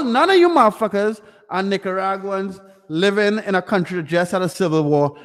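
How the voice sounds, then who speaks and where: Ranting, profane high-voiced man. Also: big-room sound. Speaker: livestream host answering chat questions. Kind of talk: live Q&A stream.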